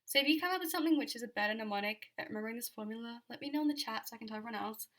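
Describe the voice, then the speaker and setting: Bright-voiced young Australian woman lecturing. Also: fairly high pitch, very fast. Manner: chatty, filler-heavy, repeats key points. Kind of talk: revision lecture.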